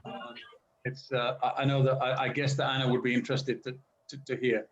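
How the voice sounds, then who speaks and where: An English man with a polished standard southern British accent talks through a video call at an unhurried pace, picking his words carefully and often restarting. His mid-pitched voice sounds roomy and a little muffled, with faint noise behind it. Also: flat delivery. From England. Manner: speaks slowly and deliberately with many restarts. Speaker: guest speaker in a language-learning video call. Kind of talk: casual conversation.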